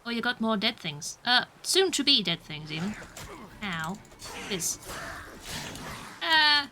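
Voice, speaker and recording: A woman's voice: on the high side, big pitch swings, takes it slowly, pushed and bright, slight background noise. A young British woman streaming a game, chatting casually, mocking herself and laughing often. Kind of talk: casual gameplay commentary.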